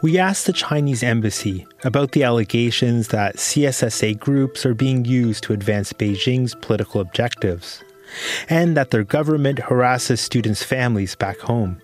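A man's voice: mid-range voice, soft background music. Man reading a news report. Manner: measured, even reporting. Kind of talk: scripted news narration.

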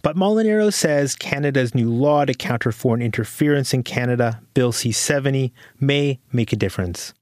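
A man's voice: medium pitch, no echo, studio quality. Man reading a news report. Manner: measured, even reporting. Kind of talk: scripted news narration.

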